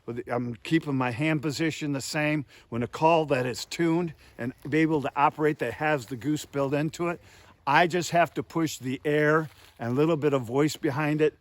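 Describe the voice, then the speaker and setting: A man's voice: fairly high pitch, normal speed, no echo. Emphatic man teaching goose calling. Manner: folksy, emphatic, calls the audience "guys". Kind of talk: hands-on how-to lesson.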